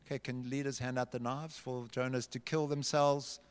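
A man's voice: medium pitch, flat delivery, normal speed, clean tone. A man leading a children's church group, telling a Bible story dramatically and directing the children to act it out. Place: large hall. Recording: long hall reverb.

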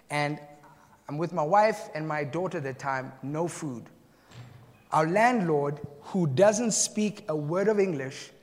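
A man from South Africa preaching a sermon, telling anecdotes with laughter and questioning the congregation. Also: on the high side. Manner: storytelling, laughs at own jokes, asks the congregation questions. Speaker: pastor. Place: church hall. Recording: long hall reverb.

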